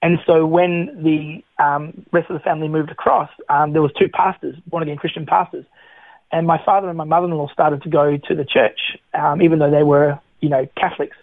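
Speaking as a guest, this middle-aged man shares his personal testimony in a fairly high, gravelly voice at a brisk clip, animatedly acting out quoted lines. There's no echo, just thin phone-line audio.

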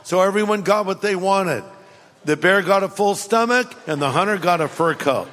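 A man's voice: high-pitched, normal speed, very noisy. A man preaching a sermon, telling stories in an emphatic, punchy way. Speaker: pastor. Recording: long hall reverb, faint music.

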